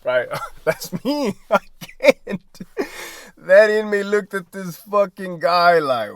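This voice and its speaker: A former prison guard spins his stories in a loose, profane way, breaking into laughter and checking in with "right?". His voice sits a bit high for a man and swings widely in pitch. The sound is dry and close. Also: slow pace, no room sound. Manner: profane, laughs often mid-sentence; animated, asks "right?" constantly. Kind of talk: casual storytelling.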